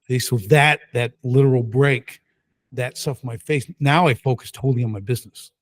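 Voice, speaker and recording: A middle-aged man, a podcast guest, telling his story in a casual, lively and emphatic way. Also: medium pitch, a little fast. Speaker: guest entrepreneur.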